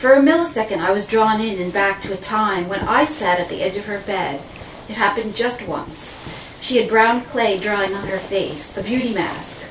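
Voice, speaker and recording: A woman telling a dramatic first-person story, theatrical and swinging between breathless and hushed. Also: medium pitch, noisy background. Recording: roomy, distant mic with faint ambience.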